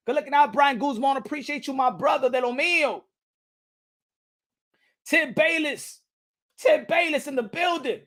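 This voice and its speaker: A man hosting a boxing channel on a live stream, excitable and profane, swinging between loud outbursts and low muttering, with Spanish words mixed in. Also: normal speed.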